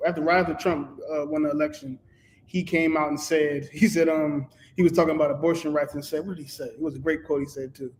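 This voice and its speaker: A man's voice: fairly high pitch, little pitch movement, fast talker, darkish tone, rough recording. Male panelist, self-correcting storyteller; light hiss underneath. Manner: rambling, corrects himself, breaks into laughter. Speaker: show panelist. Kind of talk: casual storytelling.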